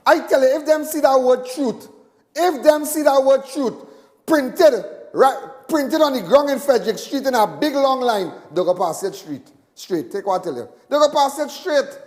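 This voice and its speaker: A man with a Trinidadian accent hosting a live talk show, giving rambling, animated commentary and repeating himself often. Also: very high voice, moderate pace, in a large hall. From Trinidad and Tobago. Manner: animated, repetitive, laughs often.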